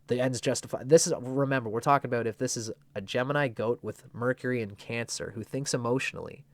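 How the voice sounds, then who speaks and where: A man giving an unscripted astrology talk, animated and prone to restarts and the odd swear word. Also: medium pitch, fast talker, dry recording. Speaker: astrologer presenting a video.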